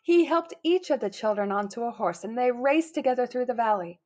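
A woman reading a children's picture book aloud, bringing the characters' lines to life with lively put-on voices. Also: a little high, brisk. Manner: animated, putting on lively character voices for quotes. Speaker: storybook reader.

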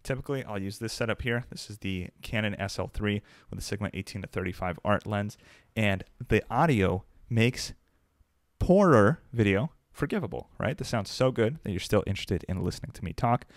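A young man giving an upbeat, conversational product review to camera from his home desk, speaking close into a desk mic on a boom arm. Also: lively intonation, brisk, no echo. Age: young adult. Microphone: dynamic desk mic on a boom arm, close.

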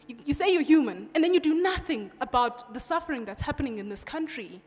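A young South African student speaker whose first language is Xhosa gives a passionate, direct conference speech in a large hall, often saying "you know." Her South African English sounds British, and her high, fast, animated voice has a darkish tone, carried by long hall reverb.

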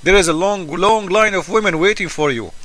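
A man's voice: sits high, brisk, a bit bright. A man doing a mocking commentary, sarcastic and incredulous, often repeating words in disbelief.

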